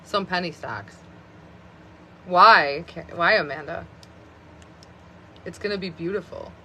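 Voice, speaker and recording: This woman, around thirty, speaks into her phone during a live stream in a bright, somewhat sharp voice that sits on the low side with a breathy edge. Her pace is slow, and her chatty rambling is peppered with "like."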